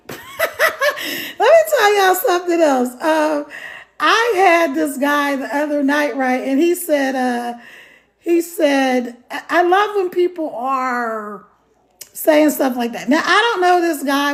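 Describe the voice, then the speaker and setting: A woman's voice: sits high, animated, unhurried. A middle-aged woman chatting casually on a live stream, rambling and greeting viewers by name.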